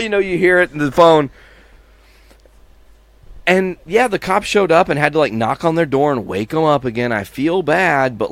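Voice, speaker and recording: A man's voice: fairly high pitch, dry recording. A man co-hosting a podcast, telling stories in casual chat, swearing freely and imitating sounds. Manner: animated storyteller, swears freely, mimics sounds. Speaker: podcast co-host.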